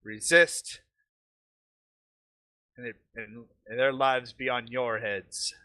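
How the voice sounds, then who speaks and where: A man voicing a menacing male minotaur warlord with a German accent, delivering slow, commanding ultimatums. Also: medium pitch, fairly even intonation, bright, forceful tone. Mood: threatening.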